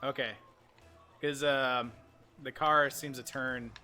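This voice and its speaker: A man's voice: mid-range voice, fairly even intonation, slow, sharp tone, a little hiss or hum. A man hosting a livestream, chatting casually and playfully, poking fun at himself while he plays a game. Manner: playful, self-deprecating, chatty. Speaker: host.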